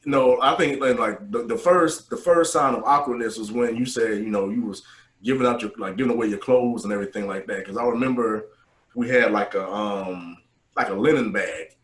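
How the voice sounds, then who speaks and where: A man co-hosting a casual podcast, telling profane boot camp stories and loudly acting out the voices of the people in them. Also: fairly low pitch, brisk. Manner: profane, animated, acts out quotes loudly. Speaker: podcast co-host, navy veteran. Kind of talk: casual storytelling chat. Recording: echoey room.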